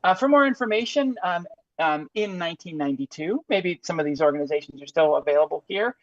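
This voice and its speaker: A woman's voice: lowish voice, animated, fast, dry recording. A woman hosting a comedy show who reads a safety flyer aloud, stopping and starting with fillers as she goes. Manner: stops and starts while reading aloud, with fillers. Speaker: host. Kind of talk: comedic read-through of a flyer. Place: studio with green screen. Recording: dull lo-fi audio.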